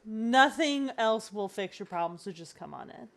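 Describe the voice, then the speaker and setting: A woman who works as a nurse, telling a hospital story in casual chat with a wry, deadpan manner. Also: on the high side, moderate pace, vocal fry. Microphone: shared headphones, off-mic at times.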